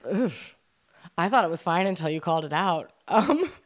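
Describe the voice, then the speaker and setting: A woman's voice: fairly low pitch, very animated, normal speed. A woman co-hosting a podcast in casual chat, blunt and swearing freely, joking at her own expense while grieving and holding back tears. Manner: blunt, swears freely, self-mocking jokes. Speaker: podcast co-host.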